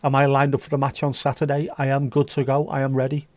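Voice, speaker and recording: His delivery is completely flat, quick-paced and a little mellow, at a medium pitch with no echo. He's a livestream host reading chat and bantering with viewers, full of swearing and jokes in casual conversation.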